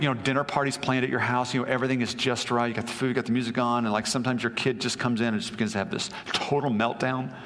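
A man's voice: mid-range voice, fairly bright tone, big-room sound. A male pastor preaching a sermon, telling a story conversationally with asides to the congregation.

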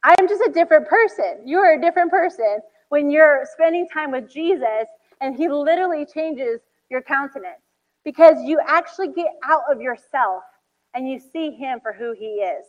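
A high-pitched woman in her thirties preaches in a casual, story-driven way, full of "like"s and acted-out quotes. Her voice carries a long hall reverb, and the recording sounds muffled. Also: lively intonation, normal speed. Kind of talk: sermon.

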